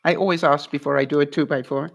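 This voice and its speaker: A woman's voice: low-pitched, steady tone, fast talker, vocal fry. Laughing, encouraging woman giving life advice. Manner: encouraging, often checks in with "all right?"; laughs often, playful. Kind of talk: coaching talk to a guest.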